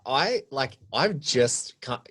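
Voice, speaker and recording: A man co-hosting a casual podcast, talking in an enthusiastic, rambling way. His voice sits at an ordinary middle pitch, and his sentences often trail off softly. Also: animated, slow pace. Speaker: podcast co-host. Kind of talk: casual chat.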